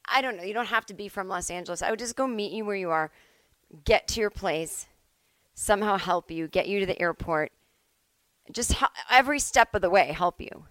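A podcast host in her forties from Massachusetts speaks briskly at medium pitch, her voice a bit bright and the recording dry. Hosting a solo comedy podcast from home, she rambles and pokes fun at herself, leaning on "like" and "I don't know."

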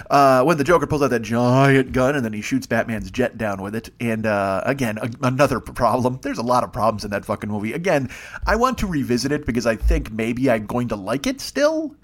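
A man riffing quickly through a comedic monologue, swearing freely and wandering from one tangent to the next. He pokes fun at himself as he goes, in a mid-pitched voice. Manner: profane, digressive, self-mocking. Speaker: podcast host.

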